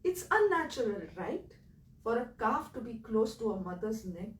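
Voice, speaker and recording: A woman with an Indian accent, telling her own story in an earnest, emotional way that swings between loud and quiet. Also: a little high, very animated, moderate pace, reverberant, distant mic, poor audio. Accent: Indian English. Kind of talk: personal storytelling talk.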